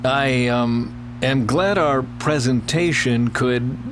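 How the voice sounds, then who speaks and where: An actor playing a guarded scientist in a video game, speaking calmly and probingly. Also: male voice, medium pitch, takes it slowly, over music, close to an everyday voice. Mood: wary. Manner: calm, probing. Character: guarded male scientist, a doctor. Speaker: doctor.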